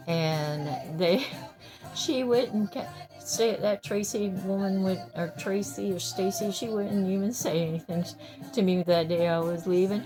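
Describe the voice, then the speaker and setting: A woman's voice: medium pitch, unhurried, over music. An older woman casually telling personal stories in a rambling way, laughing often and restarting her sentences. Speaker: storyteller sharing memories.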